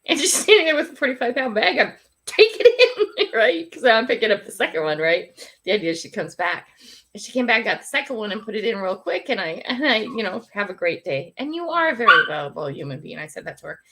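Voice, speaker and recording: A woman's voice: mid-range voice, sing-song, fast, bright, forceful tone. An older woman hosting a casual livestream, telling stories in a chatty, bossy grandmotherly way and laughing often. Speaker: livestream host.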